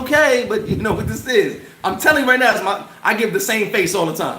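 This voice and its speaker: A man with a high voice hosts a casual livestream. He answers chat comments in an animated, slangy way and laughs often. He is recorded in a roomy space with loud noise behind him. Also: normal speed. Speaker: channel host answering live chat. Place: bar.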